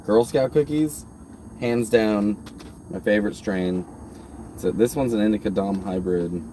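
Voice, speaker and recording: A man's voice: lowish voice, measured pace, mellow, a little hiss or hum. A man chatting loosely on a casual outdoor live stream, rambling and swearing freely. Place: outdoors by his truck at a park.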